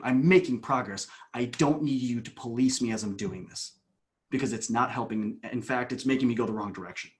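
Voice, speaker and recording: A man, a coach, telling a long story as a podcast guest, with animated bursts and hushed asides. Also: mid-range voice.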